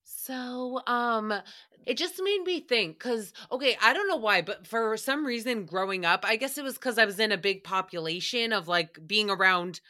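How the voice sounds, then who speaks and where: A woman's voice: on the high side, expressive, normal speed, sharp tone. A young woman hosting a podcast recap, rambling casually through stories and often breaking into giggles. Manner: giggly, rambling storyteller who breaks into laughter. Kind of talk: casual chat.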